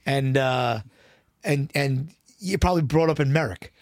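A man co-hosting a podcast, chatting casually about songs with rambling restarts, swearing often, his voice hoarse and worn out. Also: medium pitch, a little slow, dry recording, studio quality. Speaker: podcast co-host. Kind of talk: casual chat about music.

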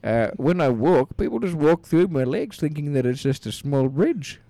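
A man rambling through absurd comedy stories with a deadpan delivery. His voice is mellow and gravelly, and his pitch jumps around a lot. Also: moderate pace, dry recording. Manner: rambling, deadpan, many restarts. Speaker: podcast co-host.

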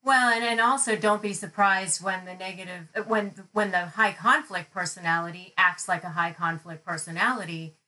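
A woman co-hosting a talk show, lively and chatty, drawing on stories from her legal clients. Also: lowish voice, normal speed, few pauses, poor audio. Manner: animated storyteller, acts out quotes. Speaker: co-host, family lawyer. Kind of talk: casual chat.

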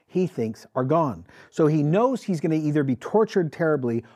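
A male pastor delivers a sermon with lively, swinging intonation. His voice sits a little high and carries a husky edge. He talks emphatically and keeps turning to his congregation with questions. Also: moderate pace. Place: church with a congregation.

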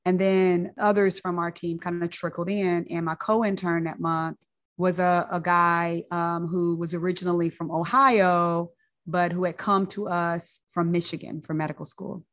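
Woman physician, personal storyteller, lower pitch, chatty with restarts. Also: flat delivery, measured pace. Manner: conversational, repeats words, fillers.

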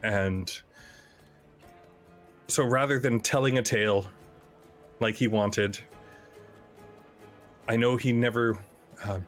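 A man playing a tabletop game, giving an in-character eulogy in a halting, earnest way with many fillers. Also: on the low side. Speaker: player.

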